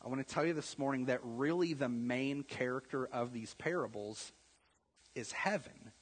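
A man preaching a sermon as pastor, building up to emphatic, forceful bursts. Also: medium pitch, normal speed, breathy edge, in a large hall, low-quality recording.

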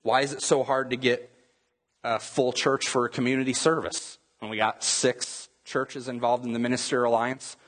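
Husky guy preaching, chatty storytelling sermon, mid-pitched voice. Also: level tone, normal speed, a bit bright. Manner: storytelling, conversational with many fillers. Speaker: pastor.

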